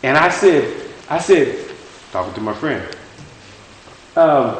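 Echoey preacher man, folksy and halting. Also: mid-range voice, expressive. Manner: halting, restarts and repeats words, folksy; asks the listeners rhetorical questions. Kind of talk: sermon. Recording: very echoey room with faint hiss.

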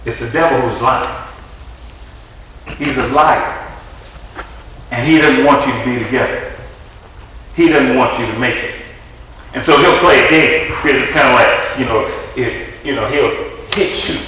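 A man's voice: medium pitch, normal speed, sharp tone. A man preaching conversationally, telling a story and acting out the quotes. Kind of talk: storytelling sermon. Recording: echoey hall from far off, faint noise.

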